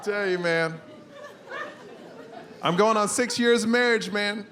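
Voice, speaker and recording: High-voiced man doing stand-up. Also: takes it slowly, some chatter behind. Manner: animated storytelling, loud outbursts for punchlines. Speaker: stand-up comedian. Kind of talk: stand-up comedy routine. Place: comedy stage before a live audience. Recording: live stage recording with audience noise.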